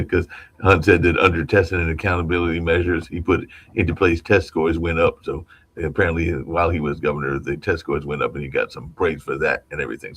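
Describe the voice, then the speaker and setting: A man's voice: extremely low pitch, fairly bright tone, husky. A man co-hosting a political talk show, chatting informally and often tacking on "and everything". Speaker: co-host.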